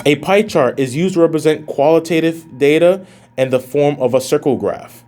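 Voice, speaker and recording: A man's voice: fairly high pitch, moderate pace, mellow. A man teaching a math lesson as a professor in a recorded lecture, casual and plain-spoken, addressing students as guys and thinking aloud as he works through calculations.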